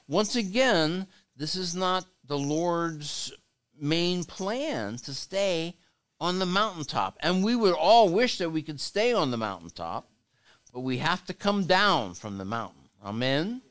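Male bishop, sermon delivery, unhurried with lively call-and-response. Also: sits high, clear, resonant tone. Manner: slow, animated preaching with call-and-response. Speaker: bishop preaching.

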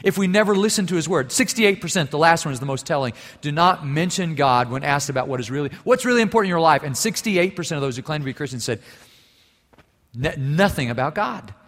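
Pastor guy preaching, kinda high voice, big echoey church hall, gets loud then soft. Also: lively intonation, fast. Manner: earnest preaching, swelling louder on key phrases, dropping soft for stories. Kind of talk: sermon. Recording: long hall reverb.

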